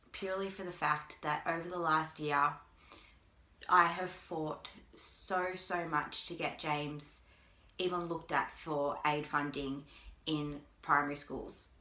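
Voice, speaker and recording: A mother talking to camera in a halting way, with long pauses, holding back tears. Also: low voice, pushed and bright. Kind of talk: personal video appeal. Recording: echoey room.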